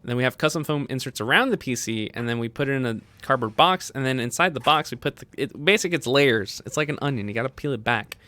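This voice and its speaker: A young man hosting a casual livestream, excitable and laughing often as he chats with viewers. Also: medium pitch, quick pace, hardly any pauses. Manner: excitable, laughs often, quotes movie lines in funny voices. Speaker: livestream host.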